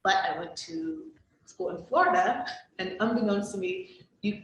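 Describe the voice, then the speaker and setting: A woman's voice: mid-range voice, animated, moderate pace, muffled recording. A woman academic guest speaker telling stories in a chatty way, with frequent ums and likes, and laughing easily. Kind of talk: conversational storytelling. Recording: roomy, distant mic with faint noise.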